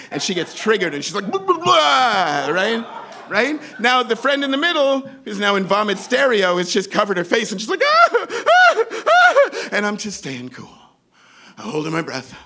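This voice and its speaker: Animated storyteller man, gravelly voice. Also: high voice, brisk. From New York. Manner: animated, acts out other characters' voices. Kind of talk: live comedic storytelling.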